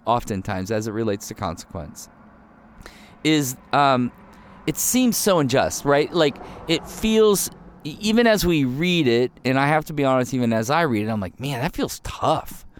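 A man hosting a devotional podcast, speaking earnestly and with emphasis, his voice jumping up on key words. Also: mid-range voice.

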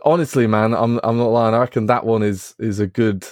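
Laid-back English man, low voice. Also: steady tone, brisk, dry recording, clean studio sound. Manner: laid-back, laughs easily, enthusiastic slang. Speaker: podcast host. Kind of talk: casual chat.

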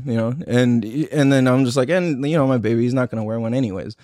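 A man's voice: medium pitch, normal speed, a little mellow, dry recording, studio quality. A young man hosting a podcast, telling a story in a heated, profane rant while laughing at himself. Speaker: podcast host. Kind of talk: casual ranting story. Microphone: live stream on a phone.

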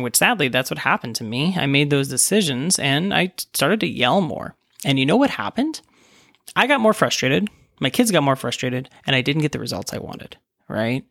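A man's voice: medium pitch, expressive, fairly quick, bright, forceful tone, no echo, studio quality. A man in his thirties, a pediatrician, talking casually about parenting, often tagging his points with "right?" and acting out inner voices. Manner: conversational, frequent "right?" tags, acts out inner voices. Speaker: pediatrician and parenting podcast host. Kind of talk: casual solo talk.

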